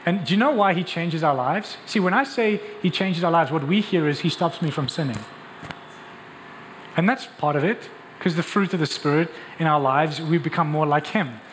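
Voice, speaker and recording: A man's voice: fairly high pitch, fairly quick, hardly any pauses, fairly bright tone, a little hiss or hum. A man preaching a sermon with passion, asking rhetorical questions and restarting phrases as he builds his points. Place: large church hall. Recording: long hall reverb, faint ambience.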